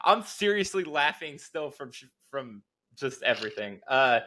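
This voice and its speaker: A man's voice: mid-range voice, big pitch swings, normal speed, a crowd in the background. A young man co-hosting a casual podcast, telling rambling stories, laughing often and trailing off mid-sentence. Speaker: podcast co-host. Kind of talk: casual chat.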